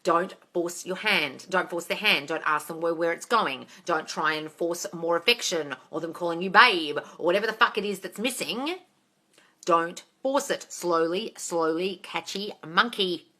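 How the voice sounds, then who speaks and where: A woman with a bright, forceful tone and a slightly low pitch chats frankly through a live stream. She answers viewer comments one after another, swears without a second thought and keeps calling her listeners darling. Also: normal speed. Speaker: host of a manifesting Q&A live stream.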